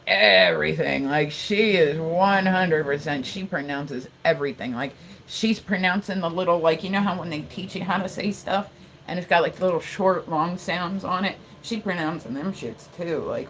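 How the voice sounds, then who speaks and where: A woman with a slightly low voice chatting loosely on a live stream. She rambles through restarts and fillers, laughs often, and swears casually. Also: moderate pace, fairly bright tone, a little hiss or hum, low-quality recording.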